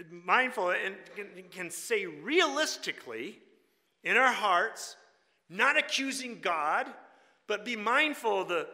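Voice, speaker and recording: Older male preacher, bright hall echo. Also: fairly high pitch. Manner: conversational with wry humor, drops to a hush for quotes. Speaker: guest preacher and Bible college teacher. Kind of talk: sermon. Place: church sanctuary.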